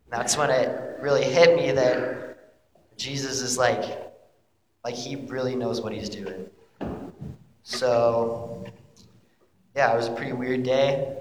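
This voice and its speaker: A young man plays an earnest young disciple who rambles casually through his story, every other phrase padded with "like". His medium-pitched voice rings out in a roomy hall with a long, trailing reverb. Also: a little hiss or hum, close to an everyday voice. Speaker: actor playing a biblical disciple. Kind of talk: monologue, casual modern retelling.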